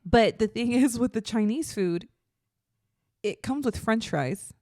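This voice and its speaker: A woman's voice: fairly high pitch, animated, measured pace, warm tone, no echo. A woman co-hosting a podcast in casual chat, telling stories in a chatty way and swearing casually. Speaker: podcast co-host.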